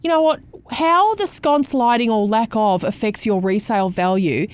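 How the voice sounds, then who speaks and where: A woman's voice: a little high, moderate pace, clear, resonant tone. Woman, Australian accent, podcast host, casual chat, blunt, sweary, mimics people.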